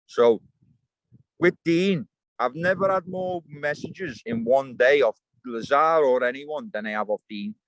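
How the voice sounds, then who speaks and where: A man's voice: mid-range voice, a little slow, no room sound, low-quality recording. Blunt, swearing man. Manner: blunt, swearing straight talker. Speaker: interview guest. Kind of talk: heated interview rant. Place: outdoors by water, fishing.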